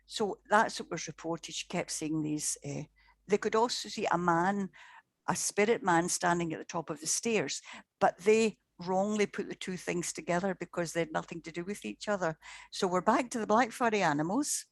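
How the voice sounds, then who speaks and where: An older woman with a lowish voice recounts case stories as a guest. She talks conversationally, repeats words, and quotes others in dialogue. The sound is dry and close. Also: moderate pace, creaky, dry recording. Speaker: paranormal investigator, guest. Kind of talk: anecdotal storytelling in conversation.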